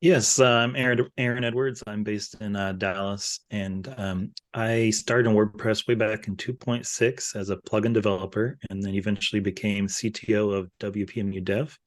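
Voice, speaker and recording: A man's voice: on the low side, fairly even intonation, normal speed, few pauses. A man, a plugin developer, introducing himself on a video call panel in a matter-of-fact, slightly hesitant way.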